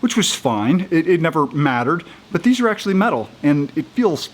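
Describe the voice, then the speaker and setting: Chatty halting man in a how-to video. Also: on the high side, big pitch swings, slight background noise. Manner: halting, with many restarts and fillers; chatty and upbeat. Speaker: vlogger installing a roof rack. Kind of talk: casual how-to talk.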